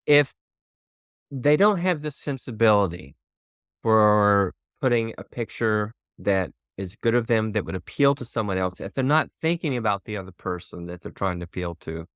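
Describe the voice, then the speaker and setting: Chatty older man with a low voice. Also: lively intonation, moderate pace, fairly bright tone, clean tone, no room sound, studio quality. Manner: candid and chatty, laughs easily. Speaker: podcast guest. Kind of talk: casual podcast conversation.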